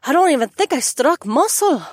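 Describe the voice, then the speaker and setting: A man voicing a calm female dragonkin spear warrior in an audiobook, speaking in a measured, matter-of-fact way. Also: very high-pitched, no room sound, studio quality, pitched above the performer's own voice.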